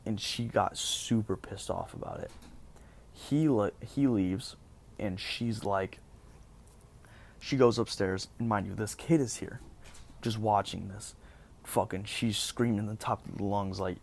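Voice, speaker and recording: A young man casually recounting a personal story as a vlogger, animated and profane, rambling with lots of fillers. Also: on the low side, normal speed, gravelly.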